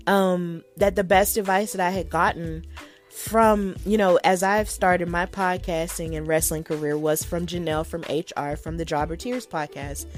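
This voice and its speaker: A woman podcast host, chatty and excitable, telling a story in a casual solo talk with lots of likes and ums. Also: on the low side. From Alabama, USA.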